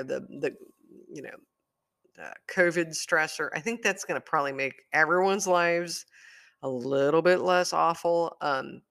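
A man's voice: on the high side, vocal fry, bright, forceful tone. A man talking through his week in a casual, rambling monologue as a podcast host, full of "you know" fillers and self-deprecating asides.

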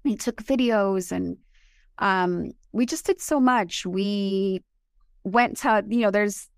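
A woman in her forties, born in Colombia, telling animated and emotional stories as a podcast co-host. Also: mid-range voice, takes it slowly, gravelly, dry recording, studio quality. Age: 40s. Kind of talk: casual chat.

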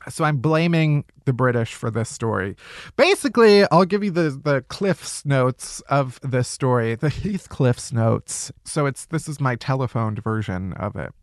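A man's voice: mid-range voice, a little slow, no room sound, studio quality. A man hosting a podcast, telling a story in a casual, comedic way, swearing freely and laughing as he goes. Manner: animated, profane, laughs while telling. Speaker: podcast host.

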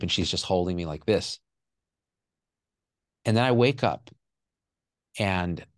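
Guy with a lowish voice spilling a raw emotional story, keeps repeating himself, cusses, dry sound. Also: no echo. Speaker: podcast guest. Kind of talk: personal storytelling.

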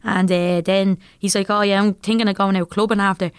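A young Irish woman rattling through a story in loose podcast chat, her voice smooth and clear. She talks quickly, with plenty of fillers. The sound is close and dry, with no room around it. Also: medium pitch, dry recording. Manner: animated anecdote-telling with frequent fillers. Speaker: guest comedian.

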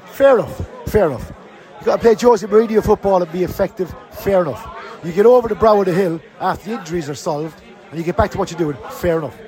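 A man with a notably high voice rants bluntly after a match, swearing freely and sounding fed up. A faint crowd murmurs behind him. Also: a little mellow. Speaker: fan podcast host. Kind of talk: post-match fan rant. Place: outdoors and in a bar around the match.

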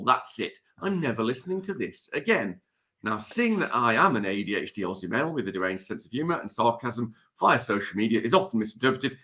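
A man's voice: mid-range voice, sharp tone. A man hosting a casual podcast, playful and self-mocking as he reads listener letters aloud. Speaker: podcast host.

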